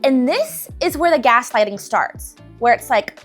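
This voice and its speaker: A woman's voice: on the high side, measured pace, hardly any pauses, faint music behind. A young woman casually telling stories to camera and acting out the voices of people in them. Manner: animated, acts out quoted voices. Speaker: relationship advice vlogger.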